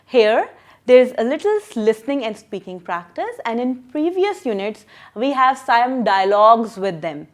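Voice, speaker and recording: A woman's voice: on the high side, sing-song, moderate pace. A woman teacher explaining a lesson to children, patient and repeating her questions.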